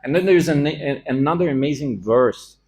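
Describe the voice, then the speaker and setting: A man's voice: on the high side, moderate pace, a little mellow. A man giving a scripture class in a temple, telling the story with animation and acting out the quoted lines.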